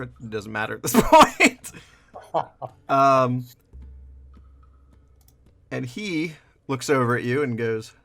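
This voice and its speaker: A man's voice: medium pitch, pushed and bright. A man running a tabletop game, describing scenes loosely with many fillers. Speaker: game master.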